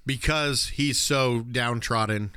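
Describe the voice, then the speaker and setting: Smooth-voiced man in casual movie chat. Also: medium pitch, fairly even intonation, slow, pushed and bright, no room sound, clean studio sound. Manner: chatty, filler-heavy, laughs often. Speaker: podcast co-host.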